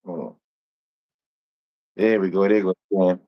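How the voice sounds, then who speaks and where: A man's voice: sits low, steady tone, a little slow, dull audio. A young man hosting a casual live stream, talking in a laid-back, slangy way and swearing freely. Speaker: livestream host.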